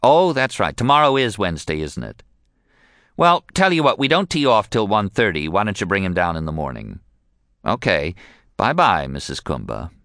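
A man voicing a sleepy, laid-back male witch doctor taking a late-night phone call, in a drowsy deadpan manner. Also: on the low side, fairly quick, dry recording, studio quality.

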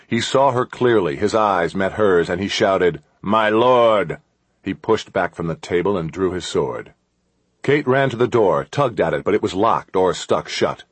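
A man narrating an adventure audiobook in a steady, measured storytelling manner. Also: low voice, slightly rough, no echo.

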